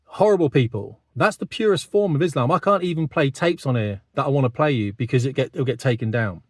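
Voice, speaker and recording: A man's voice: medium pitch, a little fast, dry recording, clean studio sound. A man in his fifties with a British accent, talking bluntly straight to camera and tagging his points with "mate". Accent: British English. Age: 50s. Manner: blunt, conversational, keeps adding "mate". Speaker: online commentator. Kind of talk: direct-to-camera monologue.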